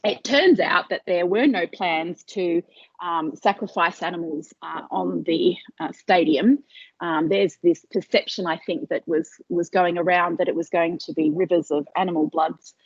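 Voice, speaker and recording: A woman's voice: fairly low pitch, unhurried, slightly rough, no room sound. A woman giving an academic seminar talk over a video call, hesitant, with many fillers and restarts. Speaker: lecturer. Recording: dull lo-fi video call audio.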